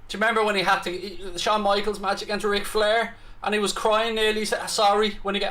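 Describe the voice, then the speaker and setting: With a high voice and a slightly fast delivery, this man from Ireland runs a live football watchalong. He talks casually, reads viewers' comments aloud and breaks into excited reactions.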